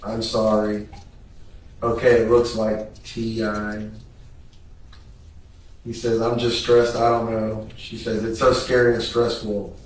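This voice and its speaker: A man testifying in court, reading text messages aloud in a measured, flat way. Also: fairly low pitch. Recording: echoey room, voice picked up from a distance.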